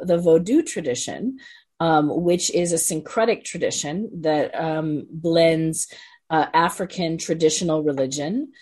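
A woman psychologist and author, answering interview questions thoughtfully with frequent pauses and ums. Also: sits low, a little mellow.

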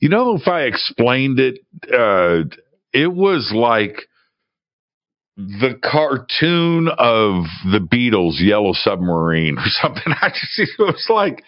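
A man telling a personal story in a casual, halting way, often repeating words and restarting. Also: mid-range voice, lively intonation, no room sound, muffled recording. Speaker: guest telling a travel story.

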